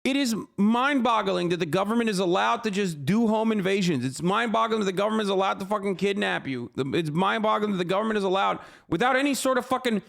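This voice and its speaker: A man's voice: high-pitched, fast, vocal fry, few pauses, fairly bright tone. A man livestreaming, reacting to a news story with heated, profanity-laden ranting and scolding his chat. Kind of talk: live stream reaction commentary.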